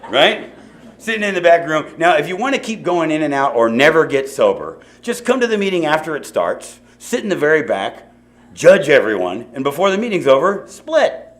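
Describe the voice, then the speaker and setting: Big pitch swings mark this middle-aged man's fairly bright, high-leaning voice, delivered at a normal speed. Before an audience in a meeting hall, he recounts his story at a recovery meeting in a rambling, conversational way, full of asides and repeated "you know".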